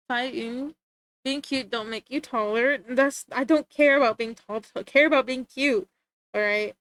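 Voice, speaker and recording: Young female streamer, giggly and mock-tough, high pitch, dry home mic. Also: a bit bright, dry recording. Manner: playful, giggly, mock-threatening. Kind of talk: casual live-stream chat.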